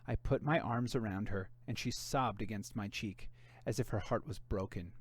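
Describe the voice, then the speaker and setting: A man, a volunteer reader, narrating a first-person mystery novel aloud in an expressive way. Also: on the low side, moderate pace, slightly rough.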